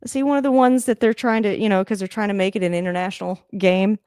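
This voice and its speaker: A chatty woman livestreams her live reaction to a football game from a room at home, moving around the camera as she talks. Her mid-range voice is fast and smooth, captured in a dry, clean studio-quality recording. She rambles, laughs often, and bursts out in sudden excitement.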